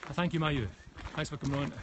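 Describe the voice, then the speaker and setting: A man's voice: fairly high pitch, little pitch movement, fast talker, lo-fi sound. A man from Scotland with a West of Scotland accent, chatting casually on a live stream while walking a forest path outdoors, answering comments with frequent restarts. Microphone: phone held while walking. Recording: outdoor phone stream with clear background noise.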